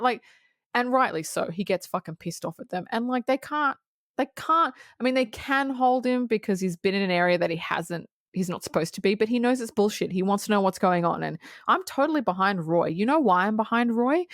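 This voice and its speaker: A woman co-hosting a podcast, chatting casually about a film, animated and swearing freely with laughs between remarks. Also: a little high, fairly quick, no room sound, studio quality. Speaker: podcast co-host. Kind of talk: casual film review chat.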